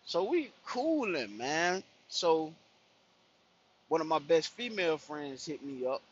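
A man's voice: on the high side, very animated, slow, husky. A man telling a personal story in casual, profane street slang, acting out the people he quotes. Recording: dull lo-fi recording.

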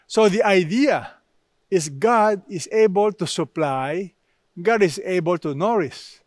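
A man's voice: high-pitched, no echo, studio quality. A man preaching a sermon, stressing key words by repeating them.

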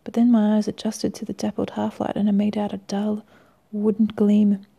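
A woman reading a first-person story aloud in a wry, measured way, sometimes dropping to a hush. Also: mid-range voice, monotone, vocal fry, slightly rough, dull audio. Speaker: reader.

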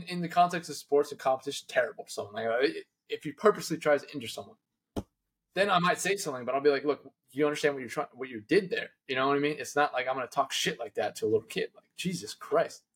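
A young coach co-hosts a podcast in casual chat. He talks fast with a husky edge to his voice. He tells animated stories and acts out the lines people said. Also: on the high side. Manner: animated storytelling, acts out quotes. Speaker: high school football coach, podcast co-host.

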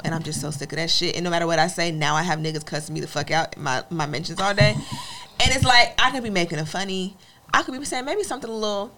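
A woman's voice: on the low side, a bit bright, slight background noise. A woman co-hosting a podcast, blunt and profane in casual chat. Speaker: podcast co-host.

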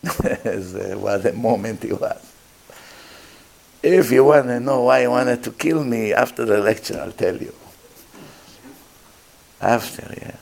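A man's voice: mid-range voice, takes it slowly, gravelly, pauses often, a little mellow. A man, a rabbi telling a story in a lecture, acting out the voices of the people in it and laughing often.

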